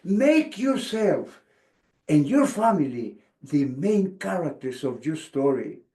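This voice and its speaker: A man's voice: on the high side, very animated, slow pace, warm tone. A man giving a storytelling speech, dramatic and acting out the voices of others. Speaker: speaker. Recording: echoey room.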